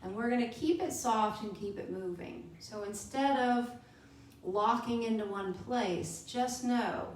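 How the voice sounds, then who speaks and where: A woman teaching a chair yoga class, giving slow, soothing cues for breathing and movement with long pauses. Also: on the high side, a little hiss or hum. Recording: echoey room, voice from far off, music behind. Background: soft background music.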